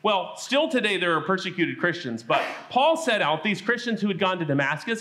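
A man telling a Bible story at a children's church service, animated and asking the kids questions. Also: high voice.

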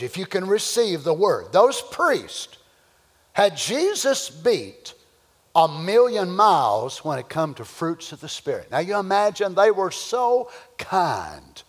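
A man preaching a fervent, folksy sermon in a church, at times rising to shouts. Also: fairly high pitch. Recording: echoey church hall.

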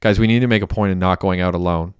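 A man's voice: deep voice, steady tone, clean tone, dry recording, natural voice. A man reading a cautious, reasoning young gangster. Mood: thoughtful. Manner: measured, reasoning. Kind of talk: audiobook character reading.

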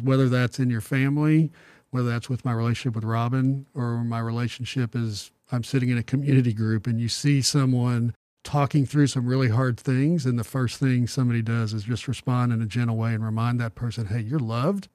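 A middle-aged man talking about faith in an earnest, reflective way, pausing to restart his sentences. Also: mid-range voice, warm tone, no room sound. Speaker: podcast guest. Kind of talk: casual Bible discussion.

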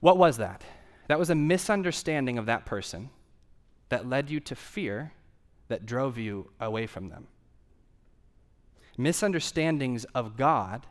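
A man's voice: mid-range voice, animated, moderate pace. A man preaching a sermon in a conversational way, asking the audience questions and repeating key phrases for emphasis.

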